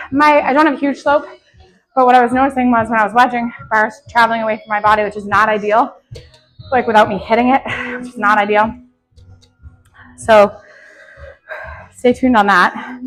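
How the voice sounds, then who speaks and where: A woman powerlifter chatting out loud between heavy squat sets, out of breath, in her home garage gym. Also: on the high side. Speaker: powerlifting vlogger. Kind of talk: casual mic'd-up training commentary. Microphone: clip-on mic.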